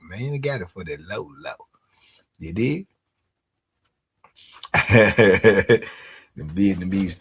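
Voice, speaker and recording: A man's voice: fairly low pitch, fairly bright tone, slightly rough. A man hosting a live stream in casual chat. He laughs often and keeps asking "you dig?". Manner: laid-back slang talk, laughs often, asks "you dig?".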